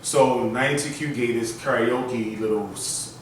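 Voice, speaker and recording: A man hosting a casual storytelling vlog, chatting in an animated and loose way full of fillers. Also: mid-range voice, moderate pace, slight background noise. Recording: very echoey room, mic at a distance.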